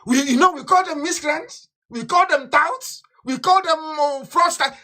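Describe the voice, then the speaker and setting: Man, political broadcast, fiery, scornful, repetitive, bright and forceful tone. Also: very high voice, a little slow, hardly any pauses. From Nigeria. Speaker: activist leader.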